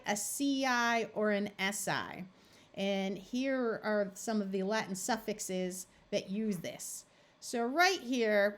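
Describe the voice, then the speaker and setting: A woman tutor walks through a reading lesson at a patient, steady pace. She sounds out words and their parts clearly. Her voice sits at an ordinary middle pitch. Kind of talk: recorded phonics lesson.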